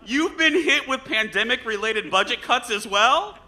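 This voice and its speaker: A man's voice: very high-pitched, expressive, moderate pace, bright, forceful tone. A man hosting a live TV talk show, joking and playful with guests and his cohost. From Indiana. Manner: joking, playful, self-deprecating.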